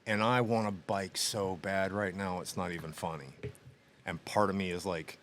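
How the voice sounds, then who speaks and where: A middle-aged man co-hosting a podcast, telling a story in a lively, animated way, acting out other people's voices and laughing often. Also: sits low, normal speed, a little hiss or hum. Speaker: podcast co-host. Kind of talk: casual storytelling chat. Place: small machine shop studio.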